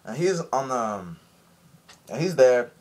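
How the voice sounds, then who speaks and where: A man giving a casual, rambling episode recap, full of "um" and "like", who jumps into quick high voices when he quotes characters. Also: big pitch swings, a little mellow. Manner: rambling, chatty, frequent "um" and "like". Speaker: anime episode reviewer.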